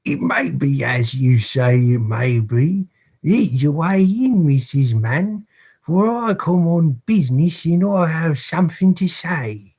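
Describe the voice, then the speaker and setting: A man's voice: medium pitch, very animated, vocal fry, slightly rough, heavily acted. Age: middle-aged. Figure: a man doing a pompous parish official. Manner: slow, self-important, pompous delivery.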